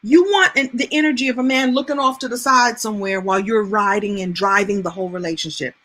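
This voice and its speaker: A woman's voice: mid-range voice, fast talker, a bit bright, close to an everyday voice. A woman voicing her former therapist, a frank woman asking pointed questions.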